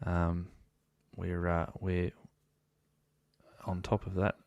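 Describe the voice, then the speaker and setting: A man's voice: sits low, monotone, slow, creaky, a little mellow, no echo, dull audio. An Australian man hosting a casual live-stream chat, joking around, laughing often and reading out viewer comments. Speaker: host of a ham radio channel.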